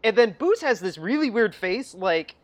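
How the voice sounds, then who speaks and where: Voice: medium pitch, big pitch swings, moderate pace. Giggly rambling movie podcaster. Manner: giggly, rambling, acts out scenes in quoted voices. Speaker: movie review podcast co-host. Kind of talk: casual chat.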